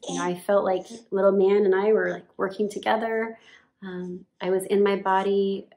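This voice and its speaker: A woman's voice: mid-range voice, flat delivery, moderate pace, a little mellow. A woman casually telling her birth story while nursing her baby at home, chatty and full of "like" and laughs. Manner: chatty, lots of "like", laughs often.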